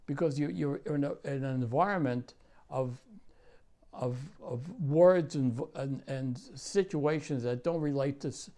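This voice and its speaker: A man in his nineties, a war veteran, telling his story in an oral history interview, profane and halting with many restarts. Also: mid-range voice, dark tone. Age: 90s.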